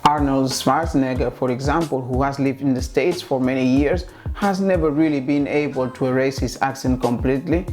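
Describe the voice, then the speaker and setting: Guy explaining stuff in a scripted video, mid pitch, faint music behind. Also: fairly even intonation, normal speed, few pauses, darkish tone. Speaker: host. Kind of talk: scripted educational narration.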